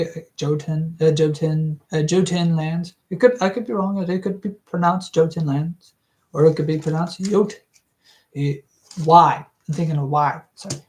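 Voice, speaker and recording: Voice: mid-range voice, rough recording. A hobby book reader narrating casually, breaking off into giggly, rambling, self-correcting asides. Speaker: audiobook reader.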